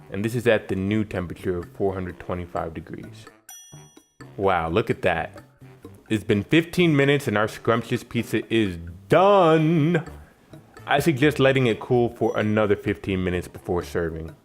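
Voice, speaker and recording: A man's voice: fairly low pitch, normal speed, soft background music. A man from New York narrating a cooking tutorial with wry, joking asides. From New York, United States. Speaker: cooking channel host.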